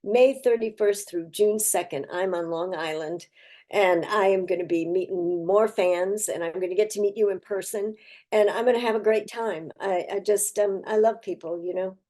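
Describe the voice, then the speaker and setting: An older actress talking as an interview guest, effusive and heartfelt, chatty with frequent restarts. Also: female voice, mid-range voice, moderate pace, warm tone. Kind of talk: casual interview chat.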